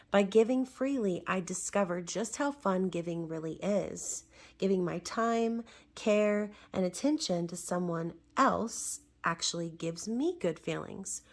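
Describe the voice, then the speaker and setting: Hoarse woman giving a tarot reading. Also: medium pitch, darkish tone. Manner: chatty, musing, wry asides. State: hoarse, recovering voice. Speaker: tarot reader.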